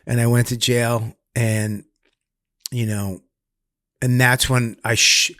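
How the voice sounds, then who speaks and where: A middle-aged man, a comedian guest telling rough stories, swearing and loudly acting out what people said. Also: medium pitch, slow pace, dry recording, clean studio sound. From Massachusetts, US. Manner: profane, animated, acts out quotes loudly. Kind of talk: candid storytelling interview.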